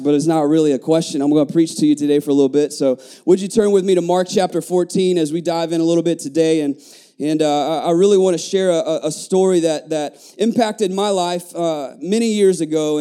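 Pastor guy preaching in church, highish warm voice, lots of stops and restarts. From United States. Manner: animated preaching with repeated restarts and call-and-response asides. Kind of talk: sermon. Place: church sanctuary.

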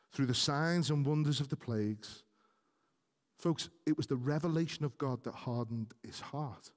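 Earnest preacher in an echoing hall. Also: male voice, mid-range voice, darkish tone. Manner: earnest, rising to emphatic peaks, talks to the congregation. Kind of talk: sermon.

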